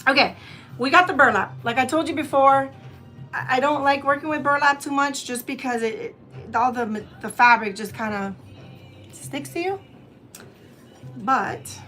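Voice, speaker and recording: High-voiced chatty woman crafter. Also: moderate pace, pauses often, bright, forceful tone, faint music behind. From Tampa area, Florida, US. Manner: chatty and digressive, often addresses viewers as y'all. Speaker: craft channel host. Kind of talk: live-stream gift-wrapping tutorial.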